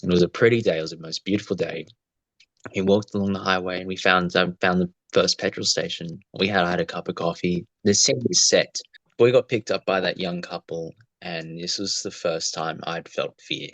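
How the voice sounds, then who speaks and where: A man's voice: low-pitched, fairly even intonation, normal speed, fairly bright tone, dry recording, rough recording. A man co-hosting a podcast, telling rambling, reflective travel stories in casual chat with some swearing. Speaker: podcast co-host.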